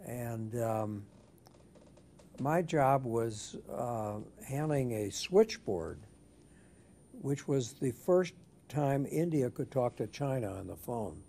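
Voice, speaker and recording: Older man reminiscing, mellow voice. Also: medium pitch, lively intonation. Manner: measured, thoughtful, frequent restarts and fillers. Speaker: oral history interviewee. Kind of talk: reminiscing oral history interview.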